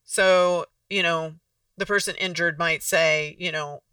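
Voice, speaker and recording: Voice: medium pitch, fairly even intonation, measured pace, bright, forceful tone, clear, resonant tone, no echo, clean studio sound, distant mic. A podcast host explaining in a casual, conversational way, often restarting sentences and acting out example dialogues.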